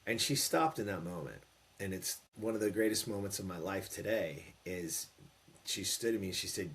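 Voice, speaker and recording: A man in his fifties, a podcast guest, telling a personal story in an animated, emphatic way and acting out the quotes. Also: lowish voice, normal speed. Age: 50s. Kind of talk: storytelling in an interview.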